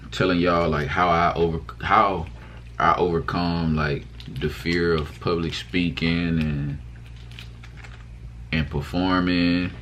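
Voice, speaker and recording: A man's voice: low-pitched, background noise. A young man chatting casually to his viewers in a vlog, rambling loosely with lots of fillers and restarts. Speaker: vlogger. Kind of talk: casual mukbang chat to camera.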